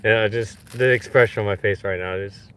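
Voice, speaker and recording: On a hillside outdoors, a man vlogging his fossil hunt talks casually to camera as he searches, bursting into glee over each find. His voice is lowish, clear, and resonant, a bit bright, with fairly even intonation at a normal speed.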